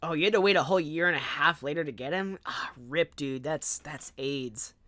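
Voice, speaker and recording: A young man from Southern California streaming, telling a casual story in a chatty, animated way with lots of fillers and asides. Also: a little high, normal speed, no room sound.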